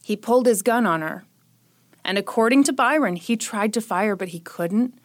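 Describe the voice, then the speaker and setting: A woman's voice: mid-range voice, normal speed, dry recording, clean studio sound. A woman hosting a podcast who tells a true crime story and chats in a jokey, sarcastic way, short on sleep. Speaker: podcast host.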